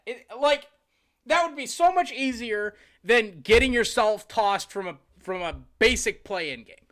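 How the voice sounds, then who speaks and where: A man with a high, bright, sharp voice calls a football game live on stream. He moves between quick play-by-play and exasperated, sarcastic rants at his own team's blunders. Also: very animated. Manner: exasperated ranting with bursts of sarcasm. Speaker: sports streamer.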